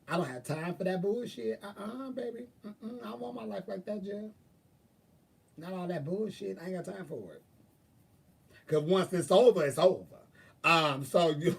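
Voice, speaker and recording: A man with a slightly high voice talks with viewers in a loose, sassy way. He swears freely and throws out drawling asides. He sits a little back from the mic. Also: a bit bright, slightly rough, recorded from a distance. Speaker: live-stream host. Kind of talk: casual chat, answering viewers.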